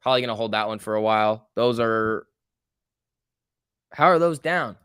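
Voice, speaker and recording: A man hosting a live trading stream, giving loose running commentary, reading chat aloud and breaking into quick excited outbursts. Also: on the low side, clear, resonant tone, dry recording, studio quality. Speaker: livestream host.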